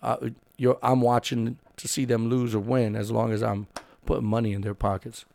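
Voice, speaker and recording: A man co-hosting a casual chat, gravelly and halting, often restarting his sentences in a jokey way. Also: medium pitch, little pitch movement, darkish tone, no echo. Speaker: podcast co-host.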